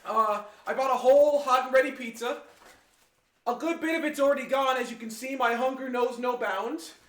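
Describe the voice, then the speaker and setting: Young male streamer, high-pitched, chatty and excitable, echoey room sound. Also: normal speed. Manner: excitable, rambling, chatty with viewers. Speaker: livestream host. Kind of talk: casual live-stream chat. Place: home kitchen. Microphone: omnidirectional mic set in the room.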